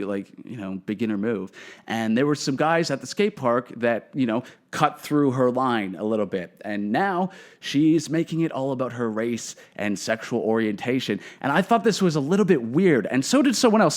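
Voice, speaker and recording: A man, a comedian host telling a story in a casual monologue, swearing a lot and rambling with fillers. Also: on the high side. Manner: profane, rambling, full of fillers.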